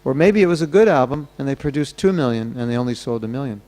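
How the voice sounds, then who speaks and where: A man's voice: mid-range voice, lively intonation, quick pace, dark tone. A man giving a sermon at a temple gathering, telling stories and acting out the voices of the people in them. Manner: storytelling, acting out quoted voices. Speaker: temple speaker.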